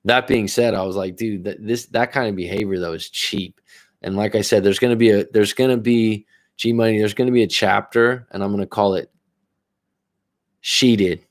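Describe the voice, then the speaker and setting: Speaking at a moderate pace in a steady, lowish voice, a life coach shares a casual story during a live stream. He rambles, curses, and keeps breaking off to begin his sentences again.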